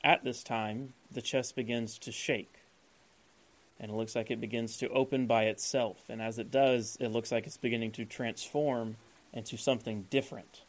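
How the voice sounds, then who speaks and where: A game master describing the scene to his players. He is a man with a medium-pitched voice and a loose, relaxed narrating manner. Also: moderate pace, rough recording.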